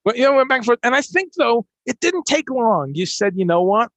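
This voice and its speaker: Gravelly chatty male stream host. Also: extremely high pitch, brisk, dry recording. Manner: animated, chatty, many restarts. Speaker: podcast host. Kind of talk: casual interview chat.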